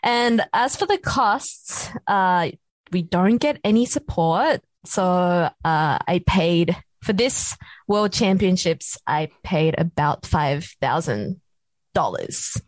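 A woman's voice: fairly low pitch, lively intonation, takes it slowly, no room sound. A woman guest on a casual interview, explaining things in a matter-of-fact way, step by step, with frequent fillers. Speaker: powerlifter and guest.

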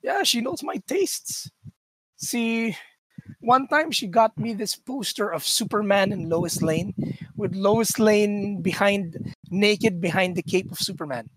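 A man's voice: high voice, slow pace, slightly rough, dry recording. A man co-hosting a podcast, telling family stories in casual chat and laughing often. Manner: laughing storyteller, switches between English and Tagalog. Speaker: podcast co-host.

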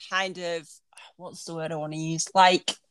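A woman's voice: fairly low pitch, level tone, moderate pace, fairly bright tone, clean tone, no echo. A woman co-hosting a wrestling podcast, chatting casually, giggling and sometimes searching for words. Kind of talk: casual chat.

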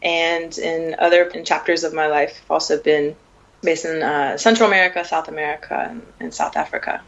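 A woman's voice: sits low, expressive, fairly quick. An American woman being interviewed on a podcast, answering in a reflective, searching way full of fillers and restarts. Her voice comes through a dull, lo-fi remote line. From Nashville, Tennessee, US. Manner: thoughtful, frequent fillers and restarts. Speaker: guest, educator.

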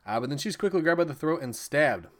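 A man's voice: a little high, expressive, fast talker, fairly bright tone. A man hosting a film podcast, retelling scenes in a rambling, profane, casual way with frequent laughs. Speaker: podcast host reviewing films. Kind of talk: casual movie recap.

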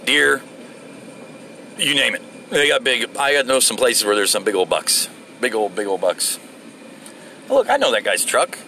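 Man from Florida, rambling profane driver rant, lively pitch swings, bright tone. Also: normal speed, pauses often, a little hiss or hum. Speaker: vlogger. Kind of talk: casual rant while driving. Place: inside a moving vehicle.

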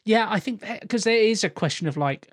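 A man's voice: high voice, expressive, brisk, no echo. Thoughtful man on a dry mic. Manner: thoughtful, hesitant, full of fillers. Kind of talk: casual chat about acting.

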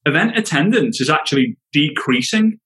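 Male guest, slightly high, earnest and emphatic. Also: animated, normal speed, a bit bright, poor audio. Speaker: podcast guest. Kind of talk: casual interview chat.

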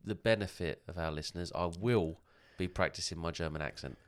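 Low-voiced man with dry quips. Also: brisk, no room sound. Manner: dry, short agreeing interjections. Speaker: podcast co-host. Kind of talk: casual podcast chat.

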